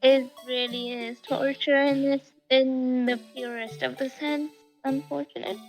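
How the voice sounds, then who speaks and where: A woman's voice: high voice, little pitch movement, unhurried, faint music behind, poor audio. A woman co-streamer in a casual, rambling chat during a game stream. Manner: giggly, rambling.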